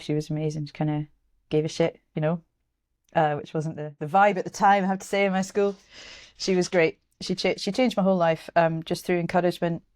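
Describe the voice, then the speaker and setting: A Scottish journalist and author in her thirties, low-pitched, speaks frankly as a guest in a casual interview. She's animated and blunt, swearing now and then and restarting often. The recording is close and dry, with no trace of room sound.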